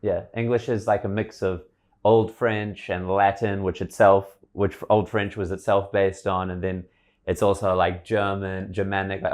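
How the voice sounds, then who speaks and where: A man's voice: deep voice, darkish tone. A man hosting a podcast in casual conversation, chatty and enthusiastic, prone to rambling. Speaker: podcast host.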